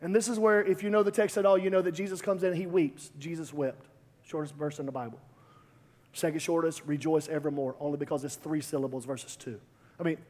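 A man's voice: fairly high pitch, a little mellow. A man preaching a sermon with rhythmic repetition that builds to emphatic climaxes. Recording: long hall reverb.

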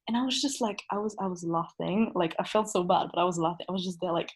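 A woman's voice: lowish voice, fairly even intonation, fast talker. A young woman on a podcast, telling a story in casual chat, acting out quotes and laughing often. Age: young adult. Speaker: podcast host.

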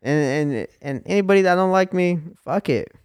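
A man co-hosting a podcast in casual chat, laid-back and deadpan with crude jokes. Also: sits high, normal speed, clean tone, dry recording, studio quality. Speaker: podcast co-host.

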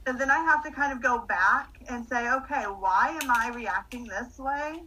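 A woman's voice: fairly high pitch, moderate pace, bright, forceful tone, a little hiss or hum, low-quality recording. A woman hosting a casual talk, speaking in a reflective, encouraging way. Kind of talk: casual conversation.

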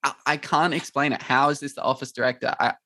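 A man with a bright, forceful voice thinks aloud in a casual podcast chat. He hedges his views and circles back to them. The sound is dry and close. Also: medium pitch, fairly even intonation, fast talker, no room sound. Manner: thoughtful, hedging, many fillers and restarts. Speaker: podcast co-host.

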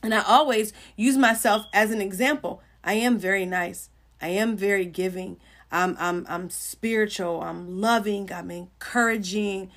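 A woman's voice: medium pitch, unhurried, a bit bright. A middle-aged woman giving an informal sermon on a livestream, talking earnestly and conversationally to viewers and greeting them by name. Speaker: Christian livestream host.

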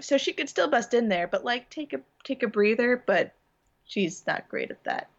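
A woman appearing as a podcast guest, calmly reasoning through points about a TV episode. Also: on the high side, moderate pace, vocal fry. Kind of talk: casual chat recapping a TV episode. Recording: dull, muffled mic.

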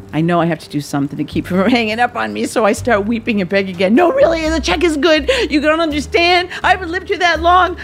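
A middle-aged woman telling a personal story to an audience in a vivid, dramatic way. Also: on the high side. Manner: vivid, dramatic storytelling, acting out her own panicked pleas.

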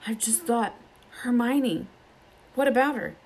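A woman's voice: fairly high pitch, lively intonation, a little slow, voice pushed up, poor audio. A woman voicing an earnest, curious eleven-year-old schoolboy who asks urgent questions in a storybook reading.

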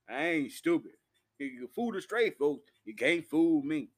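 A man's voice: on the high side, big pitch swings, a little slow. A man, rambling profanely through a live-stream monologue while intoxicated. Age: 40s. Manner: profane, rowdy, loose storytelling.

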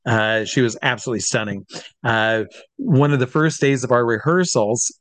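A man's voice: mid-range voice, normal speed, fairly bright tone, no room sound. Man, stage entertainer and interview guest, casual yarn-spinning full of fillers, dry close sound. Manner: chatty, with many fillers and restarts. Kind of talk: casual anecdotal storytelling.

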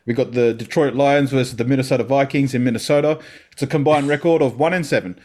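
Young male podcast host, casual, dramatic sighs and exclamations, average pitch. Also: fast, darkish tone. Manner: exclaims and groans, running the picks. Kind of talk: casual chat, reading out game picks.

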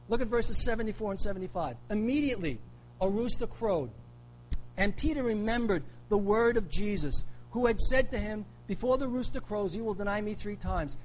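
Guy preaching a sermon, really high voice, repeats stuff for emphasis, kinda dull lo-fi recording w faint hiss. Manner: emphatic, repeats key phrases for weight. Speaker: pastor.

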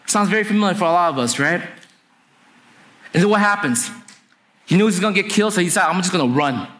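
A man's voice: sits high, fast, a bit bright. A man preaching a sermon, retelling a story in casual slang and acting out the dialogue. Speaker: pastor.

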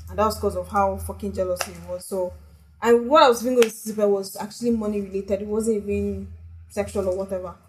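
A woman's voice: medium pitch, steady tone, brisk, slight background noise, poor audio. A young woman who talks frankly and swears freely as a podcast co-host in casual chat.

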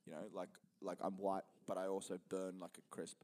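A man's voice: low voice, completely flat delivery, fairly quick, a little mellow. A man co-hosting a podcast, rambling and joking in casual banter. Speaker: podcast co-host. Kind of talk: casual chat.

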